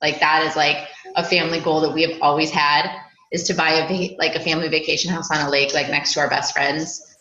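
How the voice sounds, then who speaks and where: A woman's voice: deep voice, flat delivery, fairly quick, bright, forceful tone, reverberant, lo-fi sound. A woman sharing her long-term goals on a group call, chatty and rambling, with lots of "like" and "you know". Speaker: team member sharing goals. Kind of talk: casual chat on a group call.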